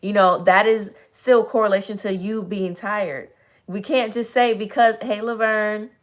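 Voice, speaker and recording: Chatty, slightly hoarse woman livestream host. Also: medium pitch, steady tone, measured pace. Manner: chatty, greets viewers by name mid-talk; earnest, encouraging, addresses audience as y'all. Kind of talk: casual motivational livestream talk.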